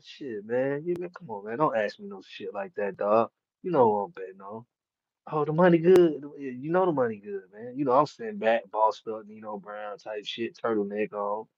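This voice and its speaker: In this casual boxing chat, a male commentator peppers his talk with street slang, profanity and frequent laughter. His voice is mid-range, with no echo in the recording and the high frequencies cut off.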